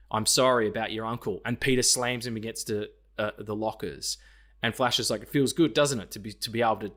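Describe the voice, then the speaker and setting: A man's voice: mid-range voice, fairly bright tone. A man co-hosting a casual film podcast, swearing freely and acting out scenes in quoted voices. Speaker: podcast co-host.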